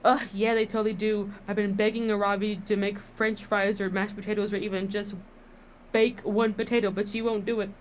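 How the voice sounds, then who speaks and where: A woman's voice: medium pitch, level tone, fairly quick, a little hiss or hum, close to an everyday voice. A woman voicing a boastful young female monster warrior in a dating game, bubbly and full of slang. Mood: chatty.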